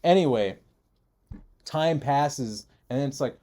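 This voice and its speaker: A man with a warm, relaxed tone and a middle-range voice co-hosts a casual podcast. He rambles through long stories and slips into animated impressions of the people in them. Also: mid-range voice, unhurried. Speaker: podcast co-host. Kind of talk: casual chat.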